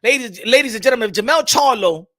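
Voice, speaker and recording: Very high and fast, this young man's voice drives a live-streamed boxing morning show full of energy. He's hyped and shouty, dropping street slang and bits of Spanish.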